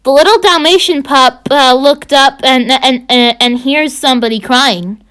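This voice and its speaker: A woman reading a fan story aloud as a storyteller, halting with many fillers and restarts. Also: high-pitched, fairly bright tone, clear, resonant tone.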